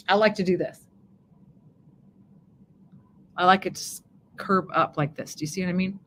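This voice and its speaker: A woman's voice: on the low side, steady tone, moderate pace, pauses often, fairly bright tone. Woman doing a live makeup demo, chatty and coaxing, keeps asking viewers if they see it. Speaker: makeup presenter on a live stream.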